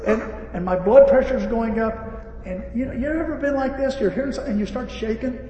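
A man preaching a sermon, telling an animated story with acted-out dialogue. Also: extremely high pitch, fast, dull audio, slight background noise. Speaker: pastor and repair-shop owner. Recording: echoey hall, voice from far off, faint ambience.

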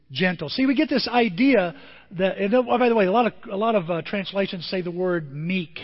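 High-voiced male pastor, lively sermon. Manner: conversational, animated storytelling with acted quotes. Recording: dull lo-fi with long reverb.

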